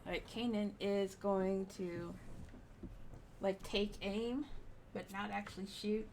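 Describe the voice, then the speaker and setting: A woman player in a tabletop game, expressive and reactive, swearing when surprised. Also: medium pitch, slow, a little hiss or hum.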